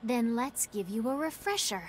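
An actress voicing a calm, cold-hearted game woman, measured and mocking. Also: fairly high pitch, a little hiss or hum, close to an everyday voice.

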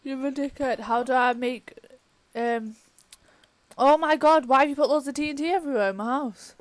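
A woman's voice: high voice, normal speed, no room sound. A woman chatting casually while playing a video game with her brother, swearing often and growing exasperated. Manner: swearing, exasperated, rising to outraged yelling. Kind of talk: casual gameplay chat.

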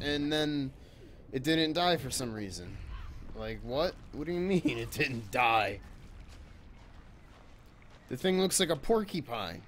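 A young man narrates his own gameplay in a let's-play style, mid-pitched and exasperated. He talks back at the game and swears freely, growing incredulous at what happens on screen. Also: animated, slow, long pauses, fairly bright tone, slight background noise. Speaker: gameplay commentator.

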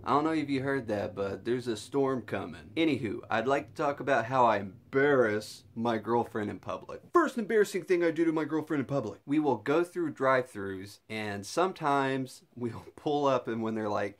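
A man's voice: medium pitch, animated, moderate pace, hardly any pauses. A young man vlogging in a casual chat, laughing often and slipping into silly put-on voices.

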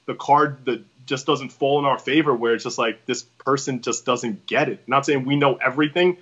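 A man's voice: mid-range voice, moderate pace, fairly bright tone, husky, muffled recording. A man talking as a wrestling promoter guest in a casual podcast chat, rambling and emphatic with many restarts.

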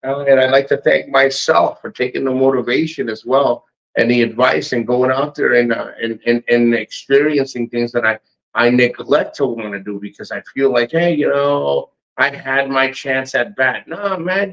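A man's voice: mid-range voice, normal speed, vocal fry. A man hosting a casual livestream, reading chat and giving blunt, profane motivational rants. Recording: muffled lo-fi stream audio.

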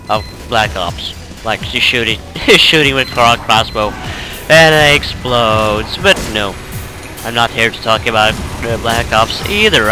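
Tired guy rambling over gameplay. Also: medium pitch. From Norway. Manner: rambling, self-correcting, chuckling. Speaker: let's play gamer. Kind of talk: casual gameplay commentary.

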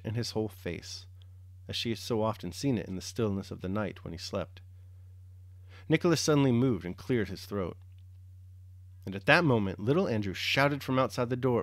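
A man reading a classic novel aloud, calm and measured in his narration. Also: fairly low pitch, no echo, clean studio sound. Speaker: audiobook reader. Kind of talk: scripted literary narration.

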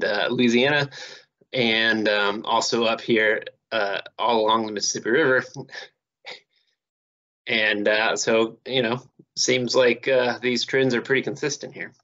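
A man giving a recorded online lecture in a relaxed, rambling way with many fillers. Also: mid-range voice, muffled recording. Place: home recording near Houston.

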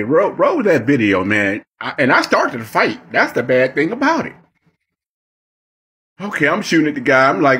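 Husky man, mock-dramatic streamer rant. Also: on the high side, sing-song, moderate pace, fairly bright tone. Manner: theatrical, mock-emotional, repetitive emphasis. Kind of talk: mock-dramatic gaming commentary.

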